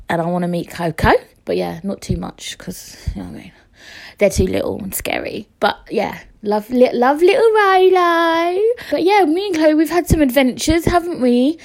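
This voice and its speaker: Young woman, podcast host, casual chat, swears, self-mocking, middle pitch. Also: vocal fry, a little mellow.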